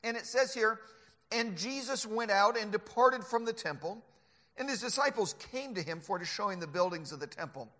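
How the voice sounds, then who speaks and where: A man delivers a lively, animated sermon in a high, bright voice. His words ring out with a long hall reverb around them. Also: moderate pace. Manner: animated, acts out scoffers in mocking voices. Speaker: preacher.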